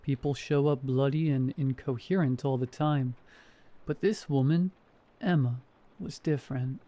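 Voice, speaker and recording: A man narrating first-person horror stories in a steady, measured scripted reading. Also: mid-range voice.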